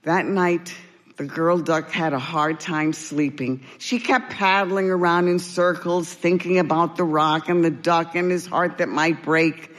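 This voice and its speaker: A woman, an actor, reading a story aloud in a slow, gentle and expressive way. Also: fairly low pitch, long reverb tail.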